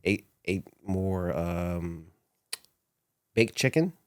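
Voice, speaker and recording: A man with a fairly low voice tells his stories in a relaxed studio chat, lively and often laughing as he acts out quotes. The sound is dry and close, with no room around it. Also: extremely slow, smooth, no room sound. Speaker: professional wrestler, guest. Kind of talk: casual interview storytelling. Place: podcast studio. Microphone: studio microphone.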